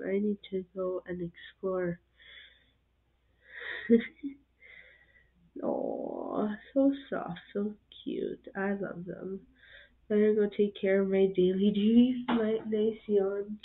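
Slow, cooing woman on a tinny line. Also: medium pitch. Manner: slow, cooing over cute animals; soft-spoken, drops to whispers at times. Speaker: reaction video host. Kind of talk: casual reaction commentary. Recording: tinny phone-like sound.

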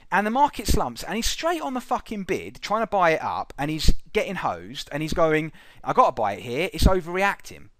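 A man's voice: high voice, a bit bright, no room sound. Blunt, profane man. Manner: profane, exasperated, mocking. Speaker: trading educator. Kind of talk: blunt trading commentary over charts.

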